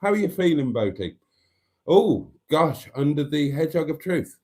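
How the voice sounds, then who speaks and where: This male live-streamer keeps things chatty, greeting viewers by name and reading their comments out loud. He speaks at normal speed with a dark tone, a fairly high pitch, and big swings in intonation.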